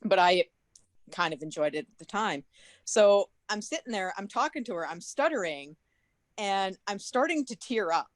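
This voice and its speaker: A woman in her forties tells an animated story over a video call, sprinkling in swear words as she goes. Her voice sounds dry and close, with no room around it. Her pitch sits right in the middle for a woman. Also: normal speed, dry recording. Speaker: guest at a podcast meet-up. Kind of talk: casual chat.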